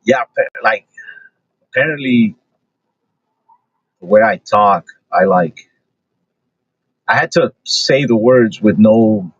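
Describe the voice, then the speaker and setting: Laid-back comedian guest, low-ish monotone voice, filler-heavy, slightly dull lo-fi audio. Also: male voice, slow pace, long pauses, husky, dry recording. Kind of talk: casual podcast chat. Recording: dull lo-fi recording.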